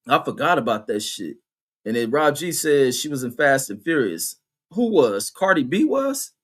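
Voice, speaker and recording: Casting: middle-aged man host, slightly high voice, loose profane chat-reading, laughs often. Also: a bit bright. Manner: profane, laughing, reads chat aloud and riffs. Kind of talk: casual uncensored chat.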